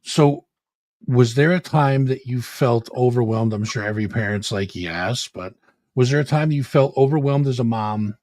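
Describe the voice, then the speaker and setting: A man's voice: mid-range voice, moderate pace, darkish tone, no echo. A man hosting an interview, casually reading out audience questions with easygoing asides.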